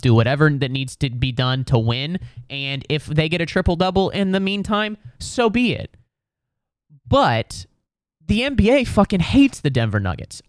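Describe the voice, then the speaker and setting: A man's voice: medium pitch, clean tone, no room sound. A man of thirty hosting a podcast alone, ranting sarcastically and profanely about basketball, often slipping into mocking voices. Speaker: podcast host. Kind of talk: solo comedic sports rant.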